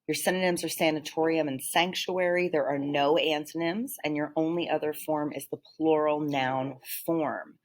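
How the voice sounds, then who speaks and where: A woman teacher walking students through vocabulary slides, explaining patiently with frequent fillers and throat clearing. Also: deep voice, fairly even intonation, normal speed, hardly any pauses. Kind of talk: vocabulary lesson over slides.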